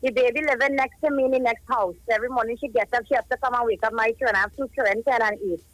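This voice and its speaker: A woman's voice: fairly high pitch, fairly even intonation, rapid-fire, fairly bright tone. Grieving Trinidadian woman on a phone call. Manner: grieving, rambling, emotional storytelling. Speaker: caller, cousin of a child who died. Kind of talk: live radio phone call. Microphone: telephone.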